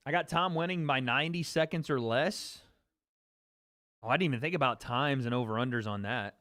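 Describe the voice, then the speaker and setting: Here a man speaks at medium pitch and a little fast, his tone a bit bright, in studio quality with no room sound. He hosts a casual livestream and reacts to fight chat, chatting loosely and directly with viewers while joking and repeating himself.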